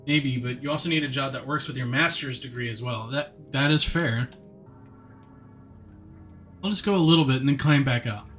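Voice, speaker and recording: A man's voice: mid-range voice, normal speed, long pauses, a bit bright, faint music behind. A man streaming a game live, chatting with viewers and reading the game's text aloud. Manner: chatty, answers chat, reads narration aloud in a plain voice.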